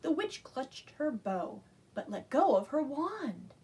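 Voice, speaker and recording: Animated slow-reading librarian woman. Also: high voice. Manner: animated, asks children to join in. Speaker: children's librarian. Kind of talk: reading a picture book aloud.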